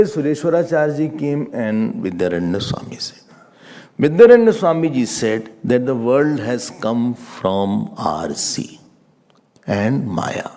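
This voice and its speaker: Mellow-voiced man teaching scripture. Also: medium pitch. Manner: patient, repeats points for emphasis. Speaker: Vedanta teacher. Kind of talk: scripture class lecture.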